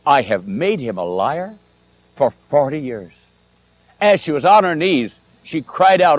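A man preaching with a lively, swooping voice that sits a bit high. He tells stories and acts out what the people in them say. A low hum and the chirp of crickets sit behind him. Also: unhurried, poor audio. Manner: animated storytelling, acts out quoted dialogue. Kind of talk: old-time sermon with told stories.

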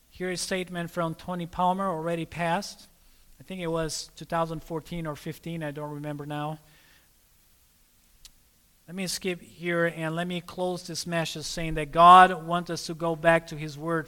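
A male preacher with a high, bright, forceful voice delivers a sermon. He keeps drawing his listeners in, asking them to supply the next word and calling them friends. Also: smooth, in a large hall. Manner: prompts listeners to fill in words, calls them friends.

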